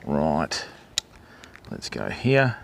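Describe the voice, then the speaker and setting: Chatty Australian man, lively pitch. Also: drawn-out words, gravelly, a little hiss or hum. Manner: chatty, greets viewers and coos at animals in a raised voice. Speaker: livestream host. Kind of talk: live-stream walkthrough chatting with viewers. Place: outdoor wildlife park enclosure.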